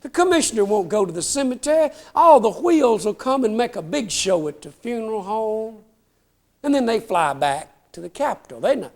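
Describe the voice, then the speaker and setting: A man voicing his wife as she scolds him with slow, dry sarcasm. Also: a little high, very animated, a little mellow. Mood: matter-of-fact.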